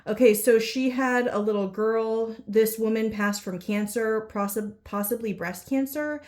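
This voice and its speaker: A woman's voice: on the high side, unhurried, darkish tone. A woman giving a casual psychic reading, rambling and unsure, full of fillers and self-corrections. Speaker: psychic reader. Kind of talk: casual spoken channelling reading.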